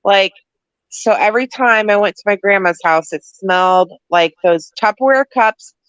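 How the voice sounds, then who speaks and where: A woman's voice: mid-range voice, moderate pace, fairly bright tone, clear, resonant tone, dry recording, muffled recording. A woman co-hosting a casual livestream chat, rambling with lots of "like".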